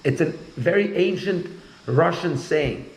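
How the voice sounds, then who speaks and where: A man's voice: a little high, expressive, a little slow, gravelly, echoey room, rough recording. A man in casual conversation, talking bluntly and rambling, often repeating himself.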